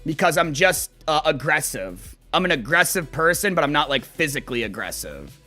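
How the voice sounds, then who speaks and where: A man's voice: fairly high pitch, moderate pace, faint music behind. A man streaming as he plays a game, chatting casually and telling rambling, profane stories. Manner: animated, profane, rambling storytelling. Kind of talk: casual chat while gaming.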